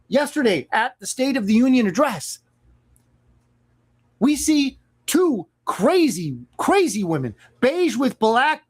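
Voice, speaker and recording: Sarcastic, animated radio talk host. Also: high voice. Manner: sarcastic, emphatic, mocking asides. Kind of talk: opinionated radio monologue.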